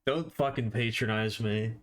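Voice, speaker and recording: A man's voice: on the low side, normal speed. A man chatting casually on a live stream while he draws, rambling and self-deprecating, with offhand swearing.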